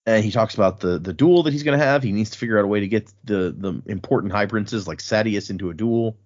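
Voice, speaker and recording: A man's voice: fairly low pitch, fast, darkish tone, muffled recording. A man co-hosting a podcast, casually and animatedly retelling book chapters with chuckles and loose fillers. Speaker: podcast co-host.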